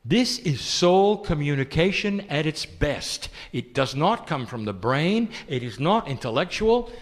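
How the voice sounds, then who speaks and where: Man giving a lively channeled spiritual talk. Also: fairly high pitch, a little slow, in a large hall. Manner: gentle rhetorical questions, calls listeners "dear one".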